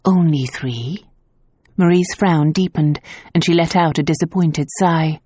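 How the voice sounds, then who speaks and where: A woman with a warm, low voice reads scripted narration as an audiobook narrator. Her tone stays steady at a normal speed, captured in clean studio sound with no room noise.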